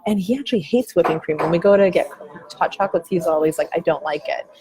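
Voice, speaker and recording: A woman's voice: on the low side, fast, warm tone, poor audio. A woman in her forties talking candidly in a coffee shop, musing loosely and swearing casually as a podcast host. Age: 40s. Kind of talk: candid reflective chat.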